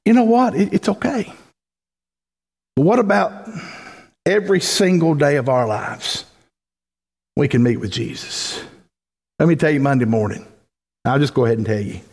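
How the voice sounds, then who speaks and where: Male pastor, folksy sermon delivery with emphatic swells, somewhat high voice, long church reverb. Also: lively intonation, moderate pace, gravelly, pauses often, darkish tone, breathy edge. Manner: folksy, rises to emphatic preaching peaks. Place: church sanctuary.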